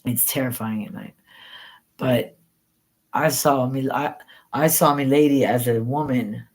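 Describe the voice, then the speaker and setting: A middle-aged woman hosting a live stream, telling stories in a rambling, spontaneous way, excitable and quick to swear. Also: very deep voice. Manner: excitable, swears freely, jumps between thoughts. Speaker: paranormal livestream host.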